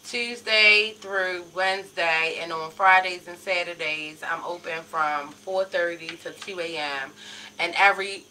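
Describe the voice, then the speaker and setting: A woman's voice: on the low side, steady tone, measured pace, pushed and bright, slight background noise, low-quality recording. A woman restaurant owner, a guest on a radio show, talking plainly about her hours and her food. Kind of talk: casual interview chat.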